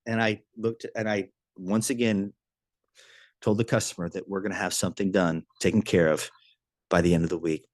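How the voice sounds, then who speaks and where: A low-pitched man speaks at a normal speed while telling a story in a motivational business training talk. His enthusiasm is lively, marked by frequent restarts and repeated words, and there's no room sound.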